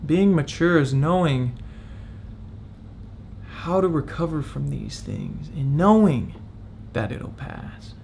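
A man's voice: on the high side, lively intonation, takes it slowly, vocal fry, darkish tone, slight background noise. A young man in his twenties opening up in a confessional vlog, candid and reflective, talking as if close to tears. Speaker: vlogger.

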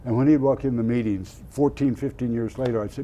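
An older man from Oklahoma who used to play football tells lively stories in an interview, laughing at himself. He talks fairly quickly at medium pitch. A little hiss or hum can be heard.

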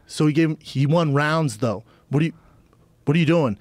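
A man in his thirties tells a story as a podcast guest, speaking a little higher than most men. He acts out the back-and-forth of the exchange with animated quoted lines. The sound is dry and close, with no room echo. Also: normal speed. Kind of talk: storytelling in casual podcast chat.

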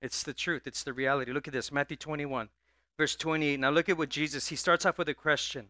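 Male pastor, animated sermon, bright slightly high voice, dry close recording. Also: fairly quick, no room sound. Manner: animated preaching, prompts the congregation to answer; stammers and repeats words. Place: church sanctuary.

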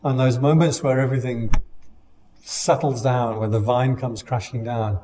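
A man giving a dharma talk to a meditation class, speaking in a calm, conversational way with gentle humor. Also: medium pitch, normal speed, a little hiss or hum. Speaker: meditation teacher. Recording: long hall reverb.

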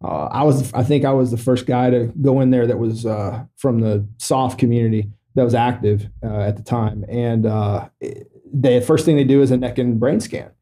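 A middle-aged man, a military veteran, tells his story on a podcast in a mellow, warm voice. He jokes dryly about grave things, and his speech is loose and halting, full of fillers. His pitch sits in the usual middle range for a man. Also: fairly even intonation. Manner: wry, joking matter-of-factly about grave events. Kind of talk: casual storytelling in a podcast interview. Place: podcast studio.

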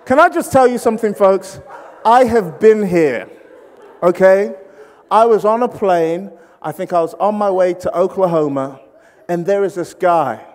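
Lively British preacher in a reverberant hall. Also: male voice, high-pitched, measured pace. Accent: British English. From Britain. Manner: animated, acts out quoted voices, jokes with the crowd. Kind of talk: humorous sermon storytelling.

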